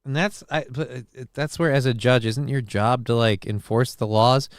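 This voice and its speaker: A man hosting a live call-in stream, reading out chat comments with dry deadpan humor, rambling and swearing casually. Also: mid-range voice, moderate pace, no echo. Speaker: livestream host reading chat.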